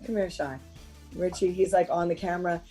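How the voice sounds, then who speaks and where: A woman co-hosting a simulcast radio chat, a little under the weather and speaking in a relaxed, chatty way. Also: fairly low pitch, brisk, faint music behind, rough recording.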